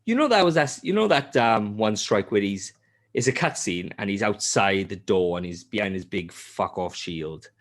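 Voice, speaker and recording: Animated man ranting about a game. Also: fairly low pitch, normal speed. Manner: animated ranting, heavy swearing. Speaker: podcast co-host. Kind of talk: casual gaming chat.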